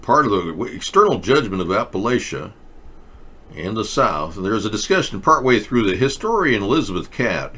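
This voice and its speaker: A man's voice: on the low side, fairly bright tone, a little hiss or hum. A man hosting a casual talk show, mocking and sarcastic, switching between joking rants and mumbled reading aloud. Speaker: host. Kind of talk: casual comedic commentary.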